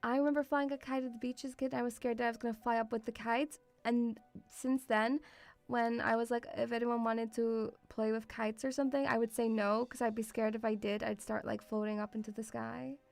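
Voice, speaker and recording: Woman, streamer, casual rambling chat, fairly high voice, faint music behind. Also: flat delivery, brisk, gravelly, darkish tone. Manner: rambling, thinking aloud with many "like"s. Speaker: VTuber streamer.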